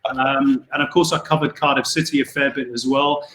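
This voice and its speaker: An English man, a sports commentator as a podcast guest, telling relaxed stories with many fillers and restarts. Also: medium pitch, a little fast, echoey room. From England. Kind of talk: casual podcast interview.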